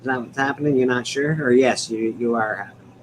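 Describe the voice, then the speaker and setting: A man's voice: mid-range voice, fairly even intonation, quick pace, a little hiss or hum, rough recording. A man hosting a casual livestream chat from home, rambling, laughing often and swearing now and then. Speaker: livestream host.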